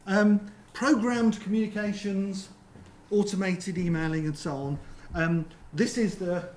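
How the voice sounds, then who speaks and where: A man presenting at a seminar in a theatre, talking conversationally with frequent ums and quick rhetorical checks with the audience. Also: high-pitched, steady tone, a little mellow. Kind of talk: conference presentation. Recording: roomy venue with faint background hum.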